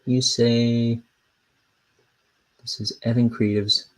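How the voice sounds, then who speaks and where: A man's voice: mid-range voice, flat delivery, slow pace, low-quality recording. Rambling self-deprecating young man. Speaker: cartoonist streamer. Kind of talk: casual livestream chat.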